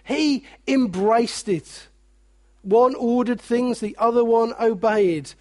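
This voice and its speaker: A man preaching a sermon, animated, with joking asides and quiet, weighty drops. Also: very high-pitched, slow.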